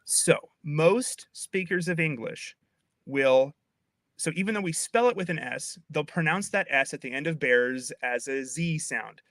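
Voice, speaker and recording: A man's voice: fairly high pitch, a little slow, a bit bright, no echo, clean studio sound. A man, a linguist on a video call, patiently explaining speech sounds in a casual chat with playful asides. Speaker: linguist guest.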